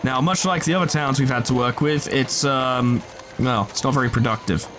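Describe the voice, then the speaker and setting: A man's voice: mid-range voice, normal speed, a bit bright, a little hiss or hum. A man casually commentating his strategy game playthrough, joking, swearing, and chatting to his units. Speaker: gaming video host. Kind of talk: casual let's play commentary.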